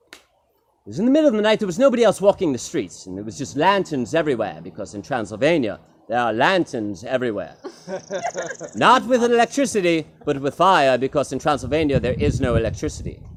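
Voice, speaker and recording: A young man telling a rambling, improvised comic story at a talent show, with many fillers. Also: medium pitch.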